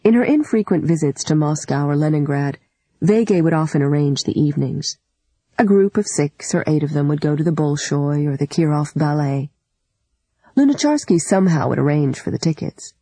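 An audiobook narrator giving a measured, deliberate literary reading. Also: mid-range voice, lively intonation, warm tone, breathy edge, dry recording, poor audio.

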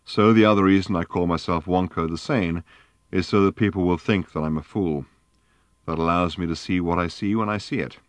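A man voicing an eccentric older male scientist who explains himself calmly and earnestly, in a lecturing, reflective manner. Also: low-pitched, fairly quick, no echo, close to an everyday voice.

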